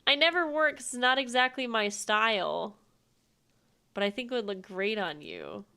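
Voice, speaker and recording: A woman reading aloud the lines of a young male gym-loving game villager in a flat voice. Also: on the high side, normal speed, smooth, full character voice.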